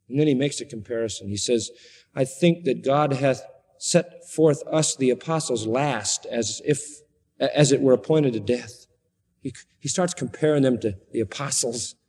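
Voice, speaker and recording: A man's voice: normal speed, a little mellow. Emphatic male preacher in a reverberant hall. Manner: emphatic, swings to high sarcastic tones when quoting. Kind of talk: expository sermon.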